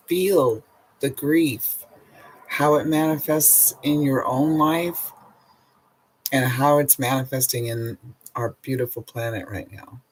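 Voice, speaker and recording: A middle-aged man, an energy healer, giving a slow, earnest and emotive spiritual self-help talk. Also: mid-range voice, a little hiss or hum, rough recording.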